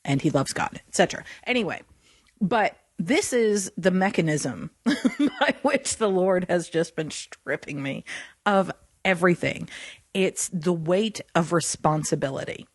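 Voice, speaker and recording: A woman co-hosting a Christian podcast, talking in an animated way and laughing often. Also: fairly low pitch, measured pace, no echo, clean studio sound. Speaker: podcast co-host.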